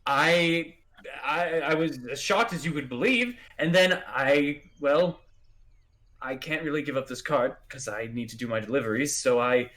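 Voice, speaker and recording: A man's voice: on the high side, unhurried, fairly bright tone. A man voicing a wounded male cart driver who stammers as he hurriedly pleads his side of the story. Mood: defensive.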